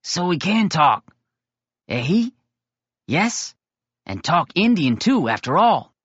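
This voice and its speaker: A man putting on a cheerful boy at a boarding school, a playful teaser with a grin in every line. The voice sits well above a grown man's own pitch, lively and bright. The audio is dull and dry, like a home lo-fi reading. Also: takes it slowly, husky, no echo, full character voice. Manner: teasing, playful.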